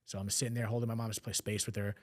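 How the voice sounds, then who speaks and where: A man's voice: lowish voice, level tone. A man telling a personal story on a podcast, emotional, slipping into quoted voices. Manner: fast, emotional retelling with acted quotes. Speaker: podcast guest.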